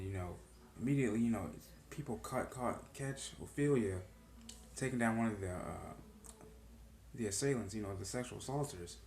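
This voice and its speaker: A low, fry-tinged, darkish male voice recaps and reacts to a TV episode in a casual, earnest vlog, recorded in an echoey room with slight background noise. He rambles emotionally, leaning heavily on "you know."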